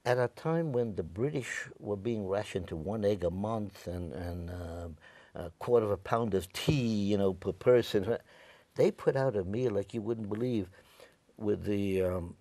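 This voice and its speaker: A man in his nineties from Staten Island, New York, shares his memories as a veteran in an oral history interview. His voice is lowish and warm, his pace measured, with no echo. He rambles a little and acts out the voices of people in his stories.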